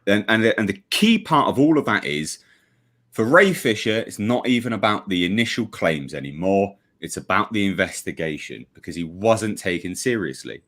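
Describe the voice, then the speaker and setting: A man's voice: fairly low pitch, sing-song, normal speed, a bit bright. A man giving blunt, sweary, sarcastic livestream commentary as a regular panelist.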